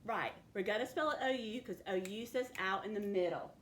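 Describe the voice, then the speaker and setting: A woman's voice: medium pitch, brisk, fairly bright tone, slight background noise. A woman teaching a phonics lesson to children, patiently sounding out words letter by letter.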